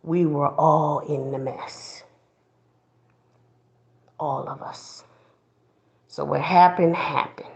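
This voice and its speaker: A woman's voice: deep voice, fairly even intonation, slow pace, gravelly, long pauses, darkish tone. A woman host giving a blunt, preachy commentary monologue, mocking others in put-on voices.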